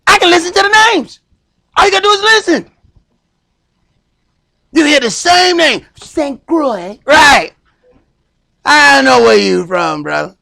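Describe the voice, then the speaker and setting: A man preaching a sermon as priest, stressing points by slowing down and raising his voice. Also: very high voice, big pitch swings, vocal fry. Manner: emphatic preaching, slows and shouts for stress.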